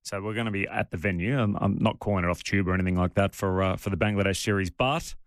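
An Australian man co-hosting a podcast in a relaxed, chatty, self-deprecating way. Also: low-pitched, fast talker, no echo. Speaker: podcast co-host. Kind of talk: casual chat.

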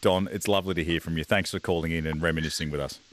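A man's voice: deep voice, steady tone, very fast. An Australian man around forty hosting live talkback radio in an easygoing, chatty way. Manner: easygoing, chatty, laughs along with callers. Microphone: studio microphone.

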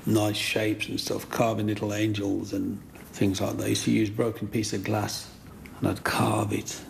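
An older man tells his story as an interview guest, his voice heavily gravelly and fried at the edges. He brings the people in his tale to life by acting out their lines. A faint hiss sits under his voice. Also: on the low side.

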